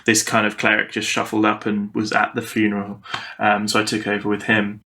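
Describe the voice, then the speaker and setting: A man's voice: on the low side, monotone, brisk, sharp tone. A man chatting animatedly about his tabletop game characters, swearing casually, on a video call. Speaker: podcast guest.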